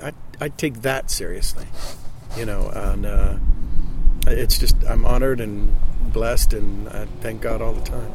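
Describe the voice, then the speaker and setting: A man in his sixties, a voice actor speaking in a casual interview, halting and often repeating his words. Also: fairly low pitch, fairly even intonation, background noise. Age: 60s. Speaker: voice actor guest.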